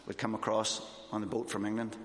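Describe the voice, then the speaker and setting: Fast-talking Northern Irish man, echoey church. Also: on the low side. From Northern Ireland. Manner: fast, excitable storyteller. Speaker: missionary speaker. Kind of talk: church talk. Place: church hall.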